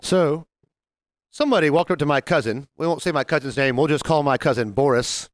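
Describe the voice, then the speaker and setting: A man's voice: on the high side, fairly quick, no room sound, studio quality. A man co-hosting a podcast, joking with crude one-liners in casual banter. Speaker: podcast co-host.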